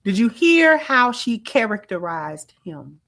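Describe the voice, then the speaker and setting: A woman's voice: fairly high pitch, big pitch swings, slow pace, vocal fry, fairly bright tone. A woman hosting a livestream, reacting to a clip and talking to her chat with emphatic rhetorical questions. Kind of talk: casual commentary to live chat.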